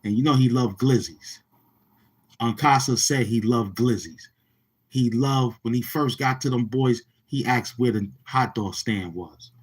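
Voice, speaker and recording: A man of medium pitch and slightly rough voice keeps a measured pace while he taunts and rambles in street talk on his channel. The commentary vlogger leans on heavy slang and says the same things over and over.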